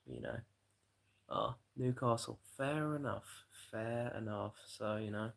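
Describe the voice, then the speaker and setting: A British man with a fairly low, gravelly voice talks to his live stream in a loose, rambling way. He swears freely and keeps dropping in "you know" as he goes. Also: takes it slowly, poor audio. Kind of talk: rambling casual livestream chat.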